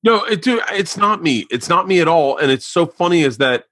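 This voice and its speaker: A man's voice: a little high, fairly quick. A man in his forties hosting a podcast, telling a story in casual chat, acting out quotes with lots of swearing. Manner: animated storyteller, swears a lot, acts out quotes. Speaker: podcast host. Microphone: remote podcast mic.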